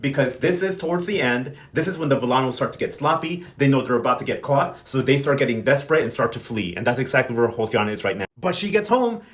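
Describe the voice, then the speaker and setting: Fast-talking, gossipy man recapping a soap. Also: mid-range voice, animated, a bit bright. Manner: slangy, gossipy, opinionated. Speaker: channel host recapping a TV soap. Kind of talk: casual recap commentary.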